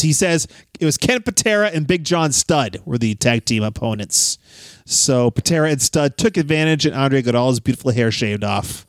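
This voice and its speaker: A man's voice: on the high side, animated, moderate pace, no echo, clean studio sound. A man hosting a casual podcast, chatting and reading listener messages aloud. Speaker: podcast host.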